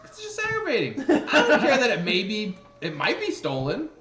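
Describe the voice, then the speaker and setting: Brief: bright high-voiced male co-host, lively storyteller, echoey room. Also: moderate pace. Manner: animated storyteller, acts out voices and laughs often. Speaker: podcast co-host. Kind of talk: casual chat. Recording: echoey room with faint noise.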